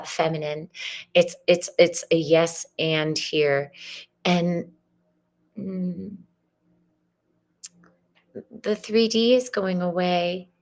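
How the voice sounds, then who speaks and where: A woman with a soft, earnest manner, giving a live spiritual tarot reading. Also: lowish voice. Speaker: tarot reader.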